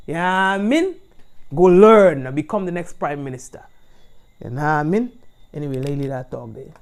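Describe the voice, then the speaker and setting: A man with a Grenadian accent hosting a live-stream talk show in an animated, chatty way, often checking in with his listeners. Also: high voice, a little fast. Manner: animated and chatty, often asking "you understand?". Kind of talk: casual talk-show commentary.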